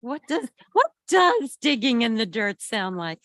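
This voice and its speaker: Animated woman reading to children. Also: fairly high pitch, measured pace, no room sound. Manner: animated, asks the children questions. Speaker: storyteller at a family service. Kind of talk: children's picture-book read-aloud.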